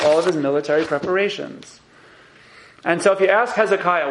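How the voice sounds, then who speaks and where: A man teaching a text-study class, emphatic and animated as he reads passages aloud and explains them. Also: high voice, moderate pace, roomy sound, low-quality recording.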